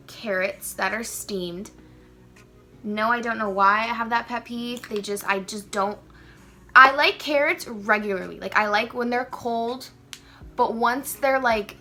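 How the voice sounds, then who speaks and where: A young woman chatting casually as a beauty vlogger while doing her makeup, animated and playfully ranting. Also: on the high side. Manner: chatty and animated, rants playfully with emphatic emphasis.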